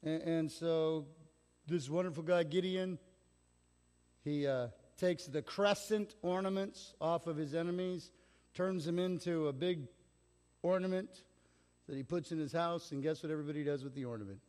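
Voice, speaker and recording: A middle-aged male pastor with a fairly high voice, preaching in a loose, chatty way and slipping into the voices of the people he quotes. He is recorded in a church sanctuary, and the sound carries a long reverb tail. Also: moderate pace, a little mellow. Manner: conversational storytelling, acts out quotes. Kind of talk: sermon.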